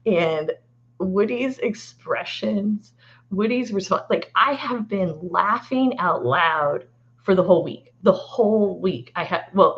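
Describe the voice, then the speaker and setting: A woman who is a lawyer, chatting as a guest in an excitable, animated way and laughing often. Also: lowish voice. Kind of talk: casual chat. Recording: dull lo-fi sound.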